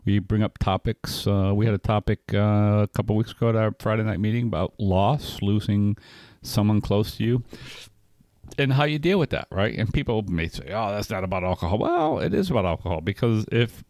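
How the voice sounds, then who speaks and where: A man's voice: lowish voice, expressive, a little fast, a little mellow, no room sound. A middle-aged man, co-hosting a recovery podcast, telling a personal story in a rambling way, often checking in with "right?". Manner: rambling, frequent restarts and "right?" tags. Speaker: podcast co-host.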